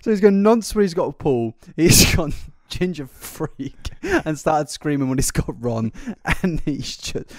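A man's voice: fairly high pitch, animated, a little slow, few pauses, darkish tone, dry recording, clean studio sound. A man co-hosting a casual podcast, riffing and laughing often as he swears through the banter. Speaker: podcast co-host.

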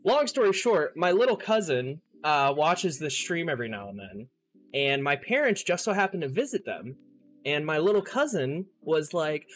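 A man's voice: a little high, sing-song, moderate pace, a bit bright, faint music behind. A young man chatting casually as a streamer and podcast host, laughing often, swearing and trailing off mid-sentence. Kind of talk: casual chat.

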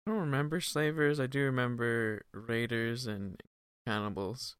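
A man with a bright, crisp voice chats about a show. He reacts with enthusiastic, slangy remarks. The recording is dry and close. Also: mid-range voice, fairly even intonation, moderate pace, dry recording. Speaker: podcast co-host. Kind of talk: casual chat.

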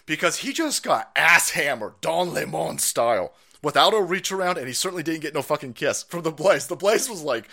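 A middle-aged man hosting a livestream, ranting about politics in a loud, profane, laughing way. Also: a little high, a little fast, vocal fry, few pauses. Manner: foul-mouthed, laughing, animated. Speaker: livestream host.

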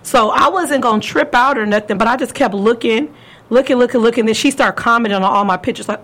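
Young woman host, slightly high voice, animated storyteller acting out every quote. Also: fast talker. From California. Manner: animated, acts out quotes with big pitch jumps. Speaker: podcast host. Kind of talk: casual storytelling chat.

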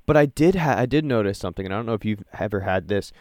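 A young man chatting casually on a podcast, animated, and acting out his own reactions in a raised voice. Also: lowish voice, racing, no room sound, studio quality.

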